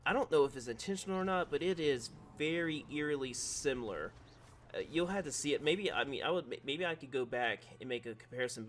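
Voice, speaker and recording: A man talks through his thoughts on a game in a loose, analytical voice-over. He rambles and restarts sentences as he works out what he means, at an ordinary mid-range pitch. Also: a bit bright, slight background noise. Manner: rambling, analytical, self-correcting. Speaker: gaming video creator.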